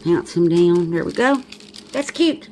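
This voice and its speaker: Demonstrating how she makes a journal at home, a Southern-accented woman talks in a relaxed, meandering way, musing aloud and going off on tangents. She speaks unhurriedly on the low side, with lively intonation, a slightly mellow tone, and slight background noise.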